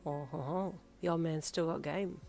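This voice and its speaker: A woman reading a fan story aloud, voicing a teenage boy who talks softly and teasingly, with an air of mystery. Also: low-pitched, fairly even intonation, moderate pace, creaky, a little hiss or hum.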